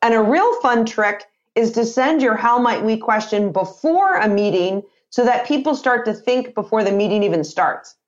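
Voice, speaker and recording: A woman in her fifties, an author and sales trainer, speaking as an interview guest in an energetic, expressive way and acting out example dialogue. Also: on the high side, moderate pace, hardly any pauses, highs cut off.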